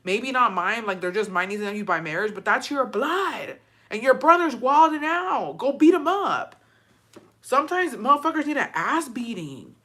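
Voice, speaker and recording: A woman's voice: a little high, animated, a bit bright. A woman giving heated, profane reaction commentary, ranting with outrage. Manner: profane, outraged, fast-shifting rant.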